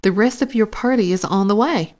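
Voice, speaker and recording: A woman voicing a helpful, clever young schoolgirl in a storybook, in a lively, chatty tone. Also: mid-range voice, brisk, natural voice. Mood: cheerful.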